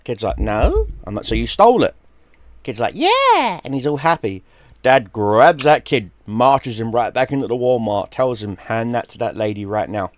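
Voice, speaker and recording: A man's voice: mid-range voice, normal speed. A middle-aged man, casually telling a story, swearing freely and acting out what people said. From London, England. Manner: animated, swears freely, acts out quoted people. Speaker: streamer.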